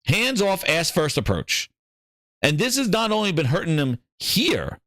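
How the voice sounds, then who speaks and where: Animated man ranting about games. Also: high-pitched, a little slow, dry recording, studio quality. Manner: ranting, animated, repeats himself. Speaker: podcast host. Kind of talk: casual gaming commentary.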